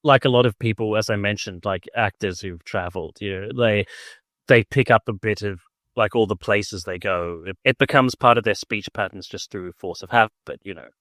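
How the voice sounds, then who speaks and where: On the low side and fairly bright, a man's voice moves at a moderate pace as he co-hosts a podcast, talking up a film with casual enthusiasm. He keeps restarting and leans on fillers like "like." It's a dry, studio-quality recording.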